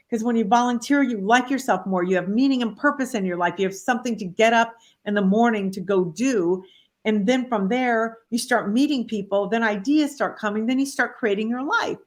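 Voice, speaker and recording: A middle-aged woman, a life coach and author, telling stories as an interview guest, often acting out quoted voices and saying "you know" a lot. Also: brisk. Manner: animated, acts out quoted voices with big pitch jumps; many fillers like "you know". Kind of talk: casual interview storytelling.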